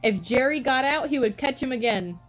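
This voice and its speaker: A woman's voice: high-pitched, animated, moderate pace, fairly bright tone, faint music behind, poor audio. A young woman chatting casually on a live stream, telling rambling stories full of "like" and "um" and greeting viewers. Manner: chatty storytelling, frequent "like" and "um" fillers.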